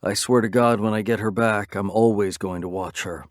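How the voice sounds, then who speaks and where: A man's voice: fairly low pitch, steady tone, moderate pace, dry recording, studio quality. A man narrating a romance audiobook in the first person, with a brooding, intense delivery.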